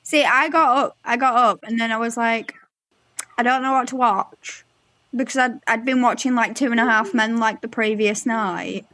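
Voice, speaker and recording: A woman's voice: a little high, moderate pace, few pauses, sharp tone, no room sound. A woman from the UK, chatting as a podcast guest in a rambling way, full of fillers. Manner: rambling, filler-heavy storytelling. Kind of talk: casual chat.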